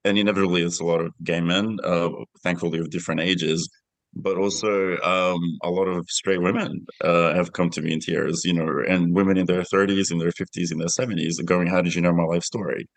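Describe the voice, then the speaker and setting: Low-voiced man, reflective and halting. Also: little pitch movement, vocal fry, no echo. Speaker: film director guest. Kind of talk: interview answers.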